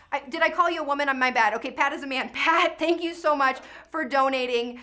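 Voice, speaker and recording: High bright-voiced woman calling a lively auction. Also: brisk. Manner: energetic, chatty, calls out bidders' names. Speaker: charity auction host. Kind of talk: live virtual auction calling. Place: studio.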